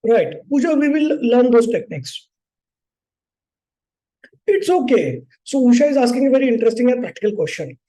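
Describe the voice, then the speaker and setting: Indian english guy teaching psych class, pretty high voice, kinda dark mellow tone, says okay right a lot. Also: sing-song, normal speed, long pauses, rough recording. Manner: informal, repeats "okay" and "right", acts out clients. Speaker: psychology course instructor. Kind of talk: live online class teaching.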